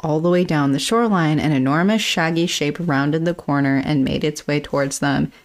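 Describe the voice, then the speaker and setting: A low-voiced woman co-hosting a book podcast, reading a novel aloud. She reads casually and trips over words now and then, dropping in chatty asides. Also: moderate pace. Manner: chatty, stumbles and laughs while reading.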